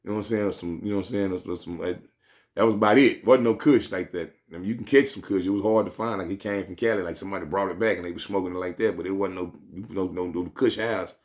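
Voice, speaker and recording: A man's voice: low voice, fast. A man telling a street story in casual slang, rambling and repeating himself.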